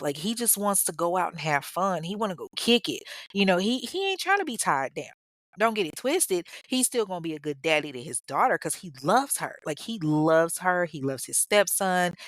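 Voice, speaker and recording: A woman's voice: on the low side, sing-song, moderate pace, a bit bright, dry recording. A woman podcast host telling a true-crime story in a casual, candid way, with profane, chatty asides to her listeners.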